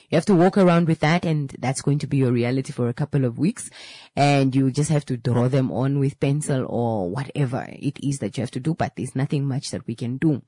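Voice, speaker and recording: A woman's voice: extremely low pitch, brisk, mellow, breathy edge, dry recording. A woman who owns a beauty salon, animatedly telling a story about a client, often repeating and restarting words. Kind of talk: casual storytelling to camera.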